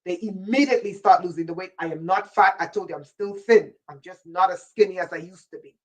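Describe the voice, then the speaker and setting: A woman's voice: lowish voice, brisk, far from the mic, low-quality recording. A woman hosting a livestream, delivering a rambling, intense monologue in a warning tone and answering viewers' chat comments by name. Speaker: livestream host.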